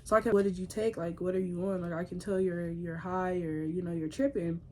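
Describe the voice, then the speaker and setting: Young woman telling a story, soft and tearful. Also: fairly low pitch, little pitch movement, brisk, a little hiss or hum. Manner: casual slangy storytelling, speaks to the audience directly, voice drops soft and tearful. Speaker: YouTuber telling a personal story. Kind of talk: storytime vlog, casual and emotional.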